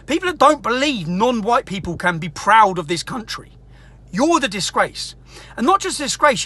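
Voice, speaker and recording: A woman's voice: on the high side, a bit bright, slightly rough. A woman delivering an angry, indignant rant, swearing as she goes. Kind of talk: angry ranting monologue.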